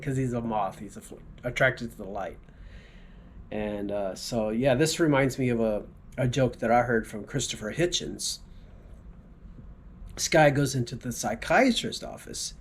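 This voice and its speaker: A man from South Texas, a tour driver, casually telling rambling jokes and stories and often clearing his throat. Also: medium pitch, a little hiss or hum. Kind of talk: casual storytelling.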